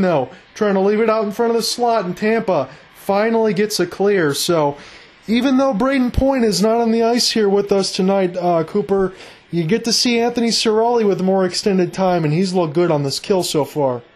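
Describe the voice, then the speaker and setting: A man calling live hockey play-by-play, rapid and excited, rising with the action. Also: high voice. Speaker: play-by-play announcer.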